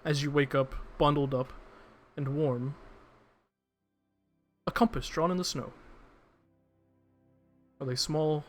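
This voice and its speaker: A man narrating a tabletop game as game master, measured and descriptive. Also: on the high side, fairly even intonation, soft background music.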